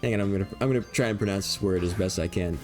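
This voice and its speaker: Young guy streaming a game, kinda low voice, rambly and jokey, faint music underneath. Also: very fast, darkish tone. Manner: rambling, jokey, laughs easily. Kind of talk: casual gameplay commentary.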